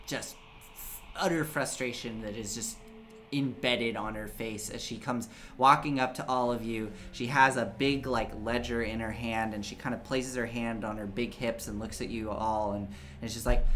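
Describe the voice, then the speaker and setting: A male game master narrating a tabletop game in a loose, chatty way, stopping often to hunt for words. His voice is bright and at a middle pitch, with faint background noise. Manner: casual narration, many fillers.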